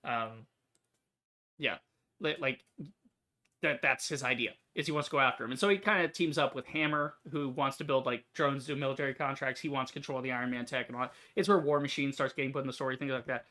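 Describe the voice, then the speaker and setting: Talking fast in a bright, forward, medium-pitched voice, a young gaming YouTuber comments casually on his gameplay. He's rambling and talkative, wandering between topics and filling his speech with fillers and restarts.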